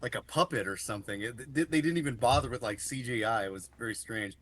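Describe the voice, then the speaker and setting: A man's voice: medium pitch, quick pace, fairly bright tone. A man co-hosting a podcast, rambling through a story with lots of fillers and casual swearing. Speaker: podcast co-host. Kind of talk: casual chat.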